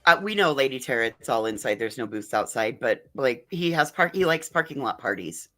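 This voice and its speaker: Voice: mid-range voice, animated, moderate pace, bright, forceful tone. A panelist on a live online panel, chatting playfully. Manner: playful, laughs often. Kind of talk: casual panel chat.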